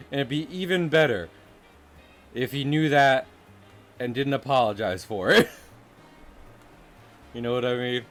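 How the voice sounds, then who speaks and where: With faint music in the background, a streaming artist chats casually with his viewers while drawing, full of jokes and frequent laughter. His medium-pitched voice is unhurried, and he pauses often.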